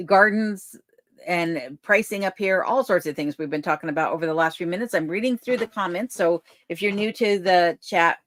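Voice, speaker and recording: A woman hosting a live stream from her home, reading viewer comments aloud and chatting back in a relaxed, easygoing way. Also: lowish voice, dry recording, clean studio sound. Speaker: livestream host reading chat comments. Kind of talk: casual live chat. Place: home in remote Alaska. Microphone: desk microphone.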